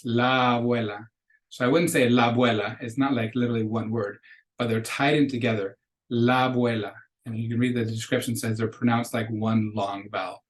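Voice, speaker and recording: A man teaching a beginner language lesson, speaking in an even, mid-pitched voice. He explains things patiently and slows right down whenever he models a word for students. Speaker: Spanish teacher. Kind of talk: recorded lecture.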